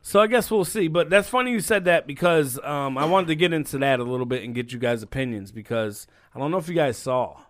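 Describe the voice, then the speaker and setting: A man's voice: a little high, fast, hardly any pauses. A man co-hosting a casual group podcast, joking around and steering the talk to new topics. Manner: laughs often, leads the topic changes. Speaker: podcast co-host.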